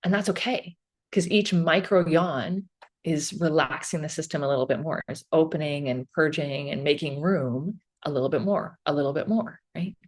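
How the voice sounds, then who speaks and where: A woman's voice: sits low, moderate pace. A woman guest on a podcast, explaining ideas in a casual, earnest way and often checking in with "right?".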